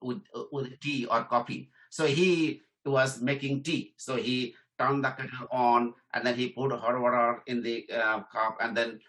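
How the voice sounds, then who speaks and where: A man's voice: mid-range voice, steady tone, a little slow, hardly any pauses, fairly bright tone, rough recording. A middle-aged man giving an informal career lesson, repeating his points and checking in with "okay?". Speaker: career trainer and professor. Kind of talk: informal teaching talk.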